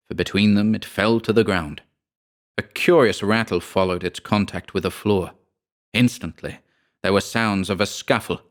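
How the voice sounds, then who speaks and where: Male audiobook narrator, very low voice, measured ghost-story delivery. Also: a bit bright.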